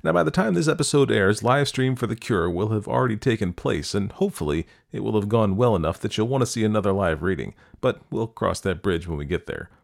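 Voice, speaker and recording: Low-voiced man narrating a story. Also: lively intonation, fairly quick, vocal fry, hardly any pauses. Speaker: podcast host and story narrator.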